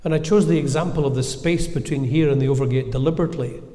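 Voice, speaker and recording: Preacher in an echoey church. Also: male voice, medium pitch. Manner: measured, gentle, earnest preaching with reflective pauses. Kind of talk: sermon. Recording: echoey church with long reverb.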